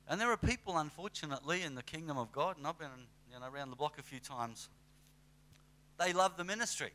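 Lively conversational male preacher. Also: fairly high pitch, fast talker. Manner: conversational, animated with acted asides. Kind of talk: sermon.

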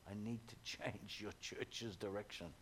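A man voicing God as a calm, stern male divine voice, speaking hushed and deliberate. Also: on the low side, slight background noise, voice pushed down.

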